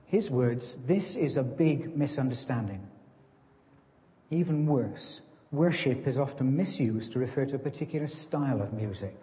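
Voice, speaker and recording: A man's voice: medium pitch, expressive, normal speed, mellow. A man preaching a sermon, conversational and self-deprecating. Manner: conversational, self-deprecating, plays farmer joke. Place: church. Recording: long church reverb.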